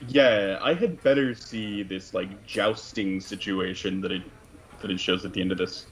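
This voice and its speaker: A man's voice: deep voice, normal speed, rough recording. A man from Arkansas co-hosting a reaction show, chatting casually with dry, understated replies. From Arkansas, USA. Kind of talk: casual chat.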